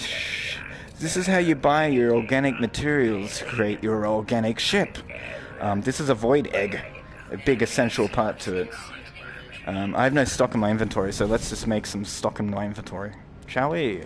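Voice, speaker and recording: A young man giving live gameplay commentary to his chat, rambling, swearing freely and jumping into loud outbursts. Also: medium pitch, noisy background. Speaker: streamer.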